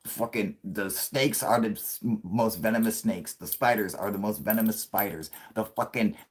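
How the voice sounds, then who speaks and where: A man's voice: on the low side, normal speed, husky. A man hosting a casual late-night livestream, talking in a rambling, profane way and laughing often. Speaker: livestream host.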